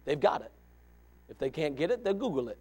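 A man's voice: on the high side, big pitch swings, brisk, a little mellow, husky. A middle-aged man preaching a sermon, emphatic and impassioned, with joking asides.

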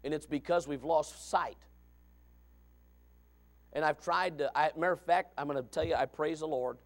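A man preaching a sermon as pastor, folksy and repetitive, swinging from quiet talk to fervent shouting. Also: fairly high pitch, normal speed. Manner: folksy, repeats phrases.

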